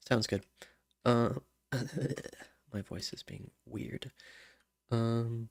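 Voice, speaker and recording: A man's voice: mid-range voice, fairly even intonation, very slow, pauses often, no echo. A man casually thinking aloud while composing music, mumbling, trailing off and half-singing lyric lines to himself. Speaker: music maker.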